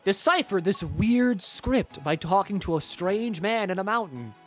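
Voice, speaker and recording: Young guy streaming a game, pitch jumps all over, sarcastic cussing storyteller. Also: a little slow, faint music behind. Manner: animated, sarcastic, profane storytelling. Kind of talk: casual gameplay commentary.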